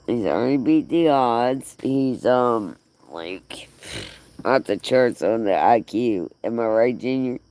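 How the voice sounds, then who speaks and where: Male actor as a doting, tearful dog owner; slow, gravelly delivery with a wide pitch swing. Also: expressive, darkish tone, dry recording. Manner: rambling, doting and tearful, half laughing. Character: grieving man doting on his aging dog. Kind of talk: emotional monologue.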